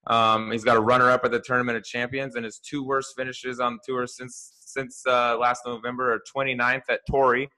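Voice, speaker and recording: A man on a sports podcast chats loosely, piling up restarts and fillers as he tells a story. His tone is bright and his pitch sits in the middle of the range. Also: flat delivery, brisk, few pauses, low-quality recording. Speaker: podcast co-host, golf fantasy analyst. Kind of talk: casual podcast chat.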